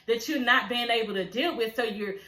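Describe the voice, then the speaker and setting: A woman giving a casual, animated recap of a reality show, cursing freely and laughing as she talks. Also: on the high side, brisk, echoey room, low-quality recording. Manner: animated, profane, laughing asides.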